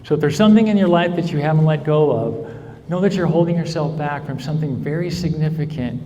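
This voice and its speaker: A man with a warm, somewhat high voice tells his own recovery story to a crowd in a large convention hall, speaking a little fast. His testimony is earnest, full of "right?" checks. The lo-fi recording carries slight hiss or hum and the hall's long reverb.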